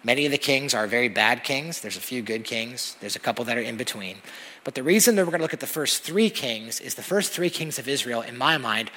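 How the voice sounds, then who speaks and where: Husky-voiced pastor preaching in a hall. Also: male voice, medium pitch, brisk. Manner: animated storytelling, rising to loud emphatic peaks. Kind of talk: sermon. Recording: long hall reverb.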